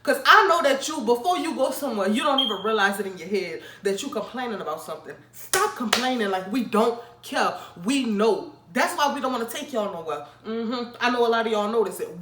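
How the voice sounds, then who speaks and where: Blunt young woman ranting in a roomy space. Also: mid-range voice. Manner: blunt, teasing, swings up into loud outbursts. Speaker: vlogger. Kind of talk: casual ranting commentary. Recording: roomy, mic at a distance.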